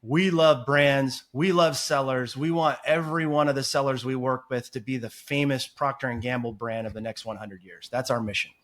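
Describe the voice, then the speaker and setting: A talkative man as a podcast guest, telling stories in animated, rambling interview chat. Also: medium pitch, moderate pace, hardly any pauses. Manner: talkative and animated, apologizes for long answers. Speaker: podcast guest, agency founder.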